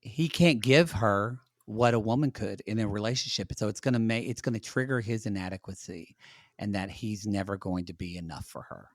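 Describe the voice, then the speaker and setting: A man's voice: lowish voice, normal speed, no room sound, clean studio sound. A man guest on a podcast, chatting casually about reality TV in an opinionated, joking way. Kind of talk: casual chat.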